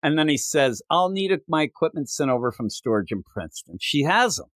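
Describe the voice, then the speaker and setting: A man's voice: fairly high pitch, sing-song, brisk, fairly bright tone, no echo, clean studio sound. A man co-hosting a comic book podcast, recapping an issue in casual, profane, sarcastic chat and acting out the characters' lines.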